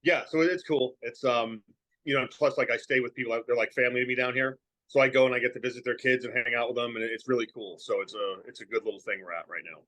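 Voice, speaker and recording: Casual man guest, light New England accent, mid-pitched, talks in loose rambling bursts. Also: steady tone, quick pace, bright, forceful tone. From Massachusetts. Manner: rambling, many fillers and restarts. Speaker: podcast guest, professional wrestler. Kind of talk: casual chat.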